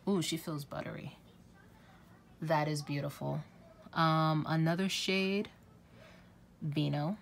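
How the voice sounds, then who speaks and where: A woman's voice: low voice, fairly even intonation, slow pace, creaky, long pauses, slight background noise. A woman talking casually to camera as a beauty vlogger, chatty and effusive, swearing now and then.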